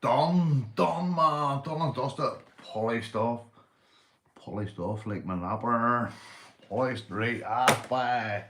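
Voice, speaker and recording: A Northern Irish man hosts a rambling livestream chat, boisterous and tipsy on beer, swearing and laughing a lot. His mid-range, slightly bright voice moves at a slow pace, and the echoey room carries a little background noise.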